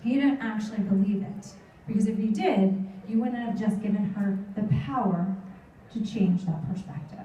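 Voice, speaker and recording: A woman's voice: medium pitch, moderate pace, slight background noise. A middle-aged woman giving a motivational talk to a live audience, telling stories and acting out her children's voices. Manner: animated storytelling, acts out her kids' voices. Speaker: motivational speaker. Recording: echoey hall, voice from far off the mic.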